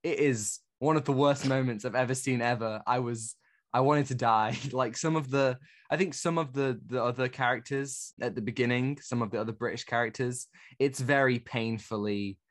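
A man in casual conversation on a review podcast, speaking at an ordinary middle pitch. He talks with enthusiasm and throws in quick asides. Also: fairly even intonation. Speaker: podcast co-host.

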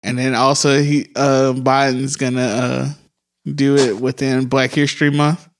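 A man of middling pitch chats casually as a podcast co-host. He rambles in an easygoing way, trailing into filler words. He laughs often as he talks. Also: level tone, unhurried.

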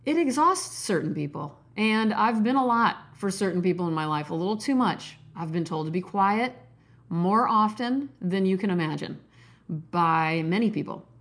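A woman in her forties from Nebraska hosting her own podcast, talking loudly and excitedly, jumping between topics with cussing and self-mocking jokes. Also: medium pitch, moderate pace. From Nebraska, USA. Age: 40s. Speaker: podcast host. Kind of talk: casual solo podcast monologue.

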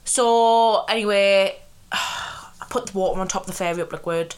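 A woman's voice: mid-range voice, normal speed. A woman co-hosting a podcast, chatting casually, swearing and laughing as she tells stories. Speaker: podcast co-host. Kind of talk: casual chat.

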